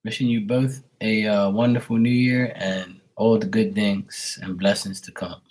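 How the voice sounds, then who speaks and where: A man on a live stream at home, greeting viewers by name in a relaxed, affectionate way. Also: fairly low pitch, measured pace. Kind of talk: casual live-stream chat.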